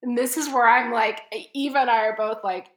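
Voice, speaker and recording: A woman co-hosting a podcast, telling a story in a casual, animated way and acting out the people in it. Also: a little high, fairly quick, roomy sound. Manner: animated, quotes people with exaggerated voices. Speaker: podcast co-host.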